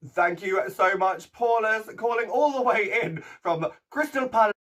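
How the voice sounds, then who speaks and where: Camp male host, high pitched, theatrical links between jury votes. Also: unhurried, a bit bright. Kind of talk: live show hosting.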